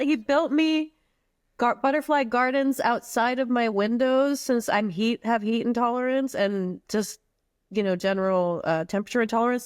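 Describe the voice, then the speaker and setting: This woman's voice sits fairly high, recorded dry and close. She's a podcast guest from the U.S. Virgin Islands, sharing candid, heartfelt personal talk full of casual slang.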